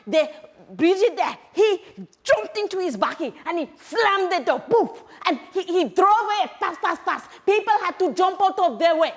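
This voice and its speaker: A woman performing an excitable young South African woman in a theatre monologue, speaking with a South African accent and telling her story in a lively way. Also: very high voice, normal speed, hardly any pauses, pitched above the performer's own voice. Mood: excited storytelling.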